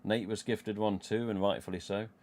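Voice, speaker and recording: A man's voice: fairly low pitch, steady tone, moderate pace, darkish tone. Rambling Midlands man on a live stream. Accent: English Midlands. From England. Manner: rambling, chatty, swears freely, chuckles to himself. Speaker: livestream host. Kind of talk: casual live-stream chat.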